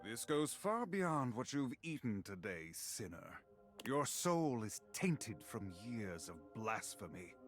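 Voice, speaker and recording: A haughty, sneering friar. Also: male voice, mid-range voice, very animated, slow, over music. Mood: disdainful. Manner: haughty, contemptuous, preachy. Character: pompous stern male friar preaching about cooking. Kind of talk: video game voice acting.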